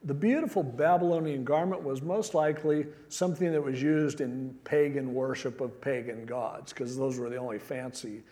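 A man's voice: medium pitch, moderate pace, hardly any pauses, warm tone. A man preaching a sermon verse by verse, mixing scripture reading with joking everyday asides. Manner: casual and joking, paraphrasing scripture in everyday slang. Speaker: pastor. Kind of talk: expository sermon.

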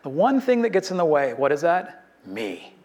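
Man pastor, a touch high-pitched, earnest sermon delivery with repeated exhortations. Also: wildly swooping pitch, normal speed. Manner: earnest, exhorting, with repeated short phrases and soft laughs.

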